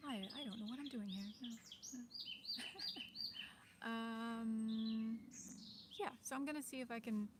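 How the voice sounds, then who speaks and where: Speaking at a measured pace with long pauses, this livestream host has a voice on the high side. Her casual chat is rambling and hesitant, laced with fillers and quiet laughs, over heavy background noise that includes birdsong.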